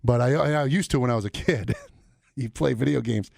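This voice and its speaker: A male morning-show host on a studio mic, talking in an animated, storytelling way. He laughs often and slips into quick impressions. His mid-pitched voice sounds close and dry, with no room echo. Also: creaky. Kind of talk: casual radio banter.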